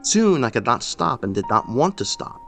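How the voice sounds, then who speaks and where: A man narrating a first-person story in a measured, expressive way. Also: medium pitch, gravelly, soft background music. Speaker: audiobook narrator.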